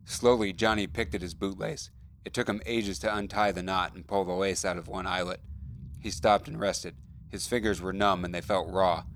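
A man reading a story aloud in a measured, somber way. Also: deep voice, steady tone, a little hiss or hum. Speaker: narrator. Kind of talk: audiobook narration.

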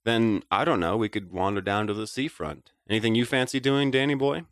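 A man's voice: fairly low pitch, brisk, no echo, clean studio sound, voice pushed up, natural voice. A man voicing Robin, a weary middle-aged father who speaks lightly and coaxingly to his son. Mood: cheerful.

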